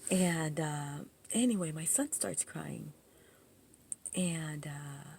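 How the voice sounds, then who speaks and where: A woman's voice: low-pitched, vocal fry, a little hiss or hum. A woman casually telling a personal story in a rambling, indignant way, full of asides and restarts. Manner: indignant, animated retelling.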